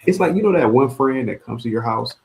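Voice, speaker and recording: A man calls in to a livestream panel and rants with a lot of repetition. His pitch swings widely, and his delivery is heated and casual. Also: fast, creaky. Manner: ranting, repeats himself, animated. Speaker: call-in panelist. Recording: online livestream call.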